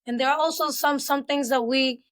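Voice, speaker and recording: Candid woman guest, higher-pitched voice. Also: fairly even intonation, a little fast, fairly bright tone. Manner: candid and reflective, with many fillers like "you know". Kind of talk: casual interview chat.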